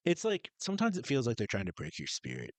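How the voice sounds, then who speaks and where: Rambling young man, mid-pitched voice. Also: wildly swooping pitch, fast, dry recording. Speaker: podcast co-host. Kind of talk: casual chat.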